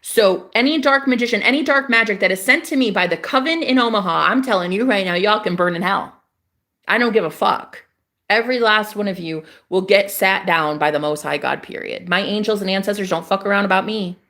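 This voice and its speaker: A young adult woman with a medium-pitched voice talks briskly, her tone pushed and bright. She's a spiritual vlogger ranting in a casual video, fiery and emphatic, swearing freely and repeating herself to drive points home.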